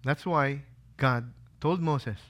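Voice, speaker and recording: Bright-voiced man preaching with questions. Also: medium pitch, slow pace. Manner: lively preaching, rhetorical questions, acted quotes. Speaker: pastor. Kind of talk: sermon. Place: holy site visit.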